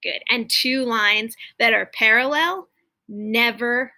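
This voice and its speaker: Bright-voiced woman modeling teaching cues. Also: a little high, takes it slowly. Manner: clear, exaggerated call-and-response cues to imagined students. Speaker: teacher coach modeling classroom techniques. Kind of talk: instructional demonstration.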